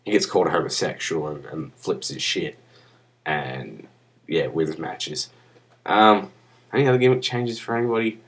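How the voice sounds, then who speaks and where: A young man with a deep, low voice rambles off the cuff into his webcam. He sounds drunk and swears freely, his talk crude and unpolished. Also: normal speed. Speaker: vlogger. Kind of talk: rambling casual monologue.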